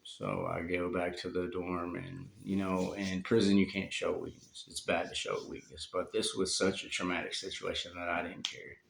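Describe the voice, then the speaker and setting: A man with a very low, gravelly voice, telling a painful story from his own life. He speaks haltingly and heavily, with long pauses. The sound comes from a phone in a roomy space with some echo. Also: flat delivery, fairly bright tone, slight background noise. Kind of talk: personal storytelling.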